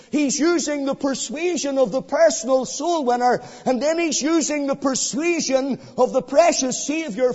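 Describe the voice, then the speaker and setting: High-voiced preacher in a reverberant hall. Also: male voice. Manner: swings between hushed pleading and loud ringing emphasis; repetitive rhetorical questions to the listener. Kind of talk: evangelistic sermon. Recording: dull sound in a long-reverb hall.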